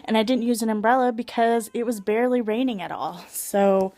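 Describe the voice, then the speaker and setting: A woman's voice: a little high, a little fast, darkish tone, no echo. A chatty woman vlogs into her phone camera at home. She talks casually and animatedly, laughs often and acts out her own reactions. The sound is close and dry. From Seattle area. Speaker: vlogger. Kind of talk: casual vlog chat.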